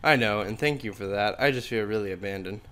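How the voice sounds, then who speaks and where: A man reading aloud the chat messages of a sad young woman confiding in a friend, speaking softly and a little higher. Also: fast talker, smooth, close to an everyday voice. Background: loud background music and keyboard typing.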